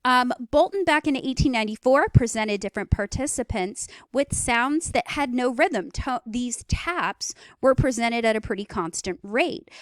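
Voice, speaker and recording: A woman gives a recorded lecture in a smooth, resonant voice set a little high. She explains things step by step with frequent fillers. The sound is dry and close. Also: no room sound. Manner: explanatory, with fillers and vocal demos of rhythms.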